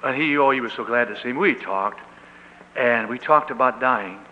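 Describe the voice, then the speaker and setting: An older man, a pastor, telling an earnest and animated story in a sermon, with emotional peaks. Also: medium pitch, normal speed, slight background noise. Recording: echoey hall on dull lo-fi tape.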